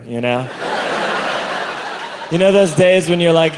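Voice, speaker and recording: High-voiced guy doing a stand-up set, lively storytelling, live show, crowd noise underneath. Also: measured pace, pauses often. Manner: animated storytelling, acting out other people. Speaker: stand-up comedian. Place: comedy stage with a laughing audience.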